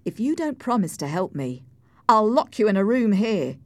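A woman voicing Heathcliff, a passionate, cruel young man, in a forceful, emphatic way. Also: medium pitch, sing-song, normal speed, dry recording, voice pushed up, natural voice. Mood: intense.

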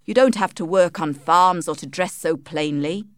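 A woman voicing an arrogant young gentleman, demanding and offhand, at times mocking. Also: lowish voice, normal speed, no room sound, lightly acted.

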